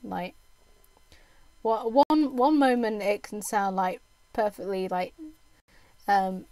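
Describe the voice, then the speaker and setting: A woman's voice: mid-range voice, takes it slowly, darkish tone, no echo. A young woman from the UK with a Southern English accent, chatting casually to her live-stream viewers and laughing often. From United Kingdom. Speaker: game streamer.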